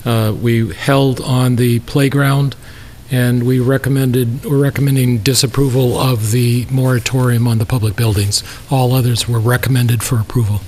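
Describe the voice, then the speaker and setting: A selectman at a town board meeting, reading a formal motion in a steady, formal way. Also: mid-range voice, normal speed, few pauses, slight background noise. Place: town hall meeting room.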